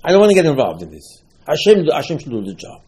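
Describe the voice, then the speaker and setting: A man's voice: on the high side, huge pitch swings, fast, a little mellow. A man voicing a humble male prophet who insistently refuses a task, quoted within a Torah lesson. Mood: refusing. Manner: insistent, pleading.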